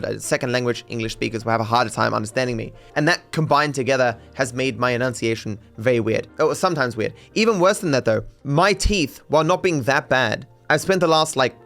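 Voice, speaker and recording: A man streamer with a faint Australian accent, rambling casually and reading out chat, quick with many restarts. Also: mid-range voice. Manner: rapid, restarts often, thinks aloud.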